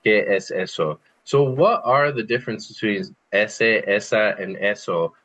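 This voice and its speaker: A man teaching a small online language class through his computer mic. His voice sits fairly low, and he talks slowly and patiently. He explains each point and repeats phrases so the students can say them back. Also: fairly bright tone, low-quality recording. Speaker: Spanish teacher. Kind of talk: online group language lesson.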